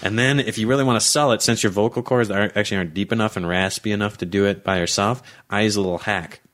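A man's voice: lowish voice, fast talker, a bit bright. A man co-hosting a podcast, chatting casually, laughing often and explaining voice tricks like a coach. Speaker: podcast co-host. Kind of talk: casual chat.

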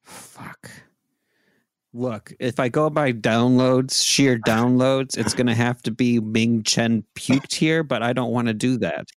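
A man hosts a comedy podcast with wry, chatty remarks and laughing asides. His voice sits at an ordinary pitch. The recording is dry and close. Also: steady tone, unhurried, few pauses, no room sound. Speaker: podcast host. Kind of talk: casual comedy podcast chat.

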